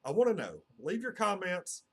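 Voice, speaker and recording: A man's voice: high voice, big pitch swings, normal speed. A man, telling a personal story to camera in a casual, meandering way full of "uh" and "you know.". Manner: earnest, meandering, heavy on fillers like "uh" and "you know". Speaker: channel host.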